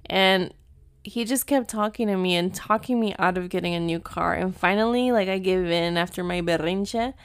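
A woman's voice: fairly low pitch, moderate pace, clean tone. Chatty woman telling a story. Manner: chatty, filler-heavy, lots of "like"; mixes in Spanish words. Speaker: vlogger. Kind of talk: casual storytelling to viewers.

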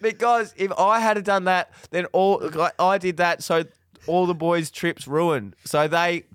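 A man co-hosting a podcast, chatting casually, telling animated stories and swearing freely. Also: high-pitched, unhurried, clean tone, no room sound, clean studio sound. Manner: animated storyteller, swears freely, acts out quotes loudly. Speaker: podcast co-host. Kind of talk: casual chat.

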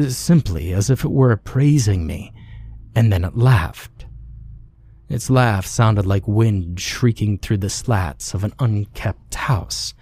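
Slow, hushed male horror narrator. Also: fairly low pitch, no echo. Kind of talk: scripted horror story narration.

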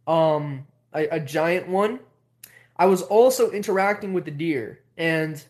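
A man hosting a livestream, telling a story casually in a rambling, animated way with many filler words. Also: fairly high pitch. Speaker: host.

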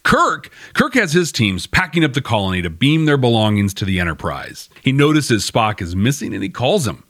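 Host, young man, lively wry recap, dry close sound. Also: mid-range voice, moderate pace, no echo. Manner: wry, animated, chuckling asides. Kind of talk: casual episode recap.

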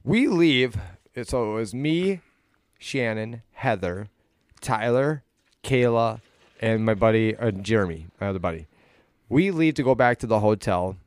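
A man's voice: fairly low pitch, expressive, measured pace, no room sound. A man co-hosting a podcast, telling a long story in casual, rambling talk full of swearing, fillers and restarts. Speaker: podcast co-host.

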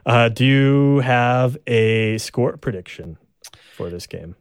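A young man co-hosting a sports podcast in casual chat, relaxed and halting with many fillers and restarts. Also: mid-range voice, smooth, no echo, studio quality.

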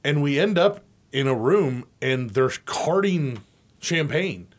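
A man's voice: a little high, slow pace. A man co-hosting a sports radio show, telling a long story with lots of laughter and acted-out voices. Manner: animated, laughing, acts out quoted voices.

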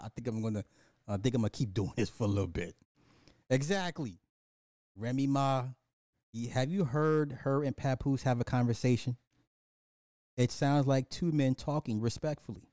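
A man's voice: medium pitch, dark tone, no echo, studio quality. A man hosting a casual livestream, ranting profanely and animatedly, laughing and talking to his chat. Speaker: livestream host.

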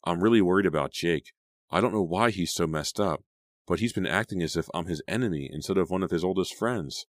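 A man's voice: low voice, a little fast, no echo, close to an everyday voice. Male reader doing a nervous teen girl, earnest, dry close audiobook sound. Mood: worried, earnest. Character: anxious teenage girl, aspiring actress. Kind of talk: audiobook character reading.

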